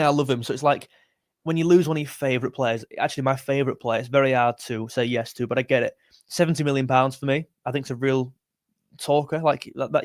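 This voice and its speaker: A man with a mid-range voice hosts a football live stream, chatting and reading viewer comments aloud in a rambling, self-correcting way. The studio-quality audio has no room sound.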